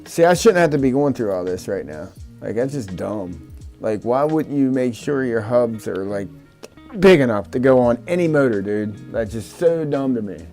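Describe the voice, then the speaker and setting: Casual hobby vlogger, a man of middle pitch who grumbles and curses while he works. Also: expressive, moderate pace, dark tone, faint music behind. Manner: frustrated, swearing, muttering to himself. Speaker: FPV drone hobbyist vlogger. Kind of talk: casual talk while working.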